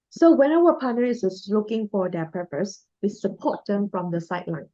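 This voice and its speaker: A woman's voice: mid-range voice, expressive, moderate pace, few pauses, mellow, dry recording. A woman co-hosting a podcast in a casual book discussion, steadily guiding the talk from topic to topic. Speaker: podcast co-host. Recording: dull lo-fi dry sound.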